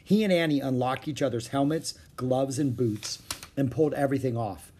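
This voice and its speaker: A man reading a children's chapter book aloud, with expressive narration. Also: medium pitch, moderate pace, slight background noise. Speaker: storyteller.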